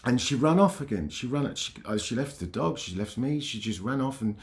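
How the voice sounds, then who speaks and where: A man hosting his own channel, telling a painful personal story in a halting, emotional way, full of restarts. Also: mid-range voice, lively intonation. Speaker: channel host.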